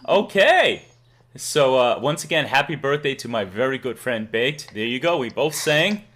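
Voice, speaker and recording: A man's voice: mid-range voice, expressive, moderate pace, a bit bright. A talkative man with a Massachusetts accent hosts a laid-back livestream. He laughs easily and chats while reading out donations. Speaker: livestream host. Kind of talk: casual livestream chat.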